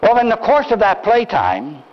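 Older man, pastor, sermon, animated storytelling, swooping pitch, muffled lo-fi sound. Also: normal speed. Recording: dull lo-fi recording.

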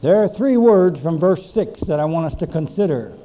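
A man preaching a sermon, reading scripture and stressing words with slow, emphatic pauses. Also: fairly high pitch, expressive, mellow, poor audio. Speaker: pastor.

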